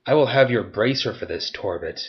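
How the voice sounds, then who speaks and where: A ruthless young woman interrogates quietly, her voice low, soft and steady with menace, as a male narrator puts her on. The audio is slightly dull and muffled. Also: a little fast, natural voice. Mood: menacing.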